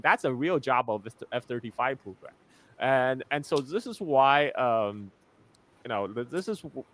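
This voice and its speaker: A man's voice: medium pitch, a bit bright, no room sound. Blunt man with a dry close sound. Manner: frequent word repetitions and restarts; blunt and sarcastic, laughs often. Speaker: guest commentator. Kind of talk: live-stream discussion.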